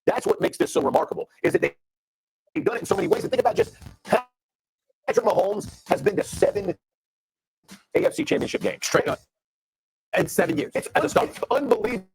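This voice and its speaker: A man analyzing football on a sports talk show, measured and explanatory. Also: high voice, wildly swooping pitch, vocal fry, a little mellow, breathy edge, rough recording.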